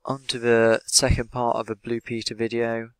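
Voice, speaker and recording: A man with an English accent, an English teacher explaining the language of an interview in a measured way, with many "sort of" fillers. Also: mid-range voice, monotone, smooth, no room sound. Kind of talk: explanatory lesson analysing an interview.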